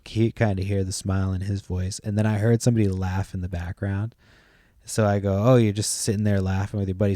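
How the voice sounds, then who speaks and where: A man's voice: on the low side, warm tone, dry recording, clean studio sound. A young man hosting a podcast, telling a long story in a loose, rambling way, swearing freely and trailing off with "like" and "blah, blah". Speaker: podcast host.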